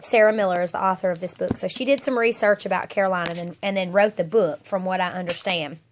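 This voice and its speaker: With a fast, fairly even delivery in a lowish voice, a woman in her forties rambles through a casual tour of her own home, using a few ums. She's a homeschooling mom vlogger nursing a stuffy head cold. A little hiss or hum sits under the audio.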